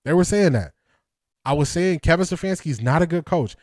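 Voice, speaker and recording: A man's voice: fairly high pitch, expressive, a little fast, darkish tone, no room sound, studio quality. A man hosting a football breakdown livestream, talking energetically and emphatically, repeating lines and laughing often. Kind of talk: casual livestream commentary.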